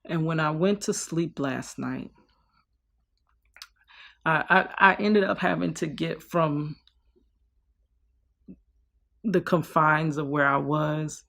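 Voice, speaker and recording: Slow, gravelly-voiced woman vlogging. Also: sits low, a bit bright. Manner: slow, heartfelt, trailing off and restarting. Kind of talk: personal vlog confession.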